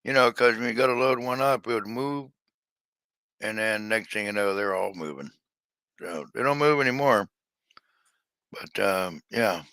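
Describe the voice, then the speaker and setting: A man's voice: lowish voice, a little slow, pauses often, pushed and bright, clean tone, no room sound. A man chatting casually to his livestream audience, rambling with many fillers and restarts. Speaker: livestream seller.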